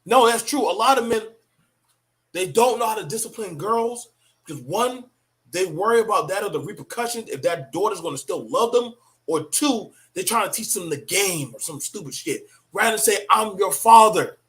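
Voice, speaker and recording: A man's voice: sits high, animated, normal speed, fairly bright tone. A middle-aged man giving a blunt, profane, preachy opinion monologue about parenting. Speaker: commentator on parenting.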